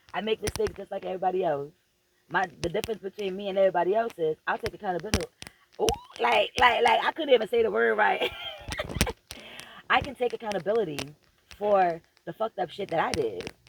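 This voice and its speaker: Woman cussing thru a motivational rant at her viewers, preachy, repeats stuff, noisy mic with clicks. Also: medium pitch. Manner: profane, emphatic and preachy; repeats phrases for emphasis, talks straight to viewers. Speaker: vlogger.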